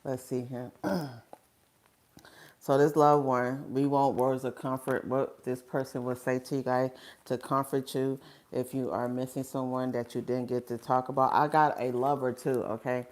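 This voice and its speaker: A woman with a low voice reads tarot cards in a loose, conversational ramble. She keeps checking in with her listeners and trails off with filler phrases. The delivery is unscripted and informal. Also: flat delivery, moderate pace, a little mellow. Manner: casual, rambling, sprinkles "okay?" and "and stuff". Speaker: tarot reader. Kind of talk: live tarot reading.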